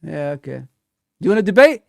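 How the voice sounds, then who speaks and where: A man's voice: high voice, sing-song, fast talker, gravelly, dry recording, studio quality. A man hosting a live football fan stream, teasing viewers, bantering and swearing often. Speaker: football fan channel host.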